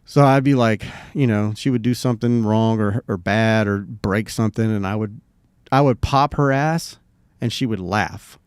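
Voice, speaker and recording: A man's voice: on the low side, normal speed, clean tone, dry recording, clean studio sound. A middle-aged man co-hosting a podcast, telling a personal story in a laid-back, rambling way and swearing freely. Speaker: podcast co-host. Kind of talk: casual storytelling chat.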